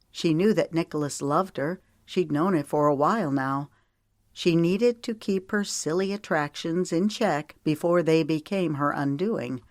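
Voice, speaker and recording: A woman narrating an audiobook in measured, steady storytelling. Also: sits low, no echo, studio quality. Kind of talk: scripted narration.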